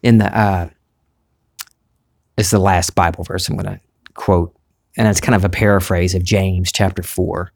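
Brief: man, mild Southern accent, lowish voice, musing spiritual vlogger, unhurried. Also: little pitch movement, gravelly, a little mellow. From Southern United States. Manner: musing, unhurried, restarts phrases, laughs easily. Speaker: spiritual vlogger, former reporter. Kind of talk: reflective spiritual monologue.

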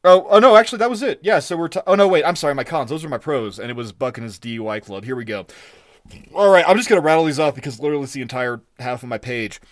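A man with a slightly high voice rants through a casual podcast review, swearing freely and jumping between gripes. His voice sits close and dry on the mic, with no room sound around it. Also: very fast, no echo. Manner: profane, ranting, animated. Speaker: podcast co-host. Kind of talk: casual episode review chat.

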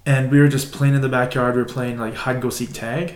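A man co-hosting a podcast, telling a story in a casual, animated, rambling way and using "like" often. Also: mid-range voice, fast talker. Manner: animated, rambling, many "like" fillers. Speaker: podcast co-host. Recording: roomy echo.

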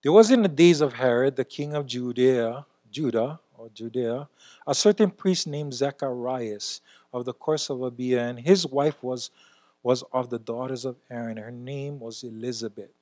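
A man preaching a sermon as a church elder, talking emphatically and swinging between loud exclamations and quiet asides. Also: medium pitch, normal speed.

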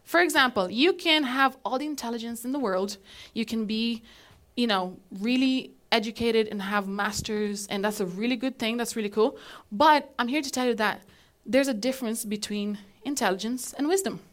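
Woman preaching, slightly high voice. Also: normal speed. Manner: conversational, animated preaching with questions to the congregation. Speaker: pastor. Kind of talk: sermon. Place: church hall, live congregation.

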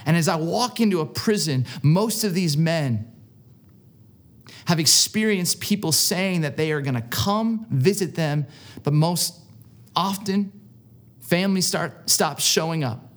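A man voicing a bold, exuberant pastor in his sixties who loudly shouts praise. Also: fairly high pitch, measured pace, close to an everyday voice. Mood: earnest. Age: 60s. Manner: loud repeated shouts of praise. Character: exuberant older male pastor, bold and joyful. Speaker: prison pastor.

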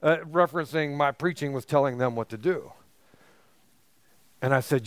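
Male pastor, emphatic sermon delivery, high clear voice. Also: moderate pace, long pauses, dry recording. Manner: emphatic preaching, rising to near-shouts on key phrases.

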